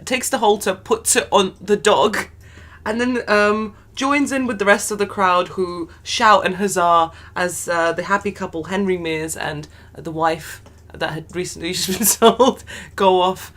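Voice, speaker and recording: A woman's voice: medium pitch, fairly even intonation, unhurried, fairly bright tone. A woman, co-hosting a podcast and recapping a historical tale in a wry, matter-of-fact way. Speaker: podcast co-host. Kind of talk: casual history retelling.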